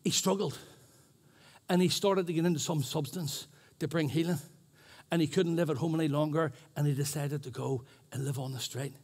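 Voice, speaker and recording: A man's voice: fairly high pitch, steady tone, moderate pace, darkish tone, breathy edge. A male pastor preaching a sermon in church, earnest and chatty, telling stories. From New Zealand. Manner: earnest, chatty, self-deprecating storytelling.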